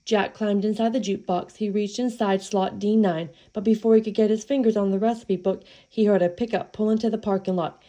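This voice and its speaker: A woman's voice: medium pitch, fairly even intonation, fairly quick, hardly any pauses, dark tone. A woman reading a children's tall tale aloud with a folksy, playful delivery. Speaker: storyteller.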